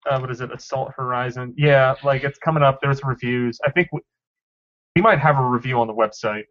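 A man's voice: mid-range voice, fairly quick, a bit bright. A man co-hosting a casual gaming chat, ranting and acting out mock quotes. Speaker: podcast co-host. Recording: dull lo-fi audio.

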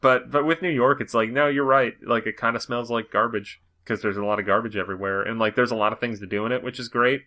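Rambling podcast host man, bright voice. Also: medium pitch, steady tone. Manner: rambling, fast, full of "like" fillers. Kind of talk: casual chat.

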